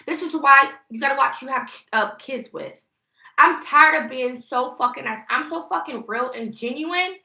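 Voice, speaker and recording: Heated, gravelly-voiced woman venting to viewers. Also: sits high, moderate pace, bright, forceful tone. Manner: emphatic, heated, profane, addresses viewers directly. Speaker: vlogger. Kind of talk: casual venting storytime to viewers. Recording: echoey room.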